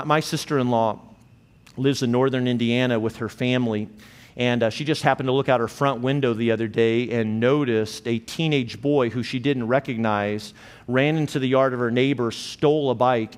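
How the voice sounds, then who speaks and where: A man's voice: medium pitch, steady tone. Earnest male pastor preaching in a hall. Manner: earnest, measured, slows for emphasis. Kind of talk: sermon. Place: church sanctuary. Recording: long hall reverb in a church.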